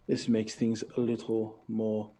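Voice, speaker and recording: A man's voice: lowish voice, monotone, measured pace, mellow. A man voicing a scheming female villain who talks down to others in a purring, patronizing way, sometimes dropping to a whisper. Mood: icy, condescending.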